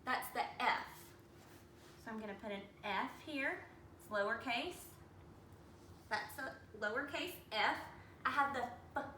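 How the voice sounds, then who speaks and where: A woman teacher giving an early reading lesson to young children, slowly sounding out letters and words. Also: on the high side, bright, forceful tone, slight background noise. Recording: echoey room, mic at a distance.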